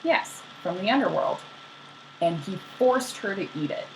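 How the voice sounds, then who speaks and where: A young woman casually retelling myths as a podcast co-host, slangy and animated, acting out the characters. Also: medium pitch, normal speed, slight background noise, poor audio.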